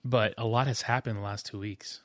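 A man co-hosting a casual podcast, telling stories in a lively, chatty way. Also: lowish voice, fairly quick, no echo. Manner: animated storytelling, mimics neighbors. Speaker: podcast co-host. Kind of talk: casual chat.

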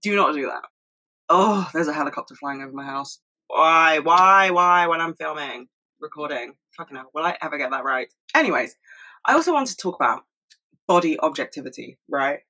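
A young woman talking fast and rambling in a casual monologue at home, swearing freely. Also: low-pitched, animated, pushed and bright, breathy edge, rough recording. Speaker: solo podcast host.

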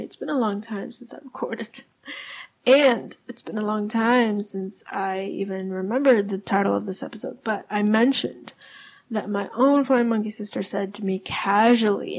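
A young woman with a slightly high voice talks through her podcast topic alone. She explains conversationally, with fillers and self-corrections, in a casual solo podcast style. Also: darkish tone. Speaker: podcast host.

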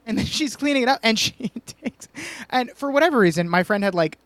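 A man's voice: very high voice, a little fast, dry recording. A man co-hosting a podcast, telling a story in casual chat and chuckling as he goes. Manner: chuckling, animated anecdote-telling. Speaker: podcast co-host.

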